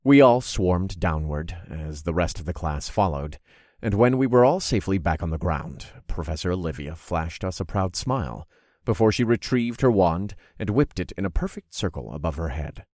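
A man narrating a fantasy story in first person, steady and expressive. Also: low-pitched, dry recording, studio quality. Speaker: audiobook narrator.

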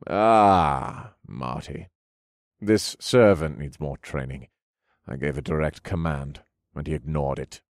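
A man's voice: rumbling low, slow, no room sound, studio quality, voice pushed down, exaggerated voice. A man doing a haughty, irritable duke. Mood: dismissive. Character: haughty male duke, curt, secretive and irritable. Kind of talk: audiobook character voice.

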